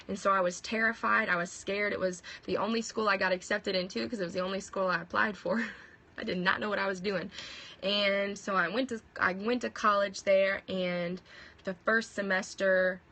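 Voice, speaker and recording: A woman's voice: mid-range voice, steady tone, brisk, bright, forceful tone. A young woman giving an earnest personal testimony over a phone livestream, talking in a conversational way with fillers and restarts.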